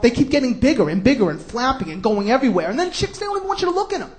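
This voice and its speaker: Brash stand-up comic with a New York accent. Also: male voice, very high-pitched, big pitch swings, racing, few pauses. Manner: brash, sarcastic ranting with sudden shouts. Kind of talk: stand-up comedy routine.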